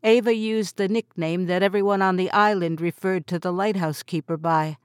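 A woman narrating an audiobook in a steady, clear storytelling manner. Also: fairly low pitch, moderate pace, no room sound, studio quality. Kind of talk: scripted narration.

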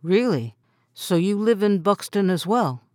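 A woman's voice: medium pitch, lively intonation, unhurried, darkish tone, no echo, clean studio sound, lightly acted. A woman voicing a polite, easygoing young male fisherman. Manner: easygoing, courteous.

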